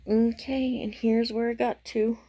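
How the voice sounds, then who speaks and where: Speaking unhurriedly in a slightly high, dark voice with little pitch movement, a weary woman chats to the camera late at night about her stitching. The craft vlogger rambles, interrupts herself, and keeps losing her words.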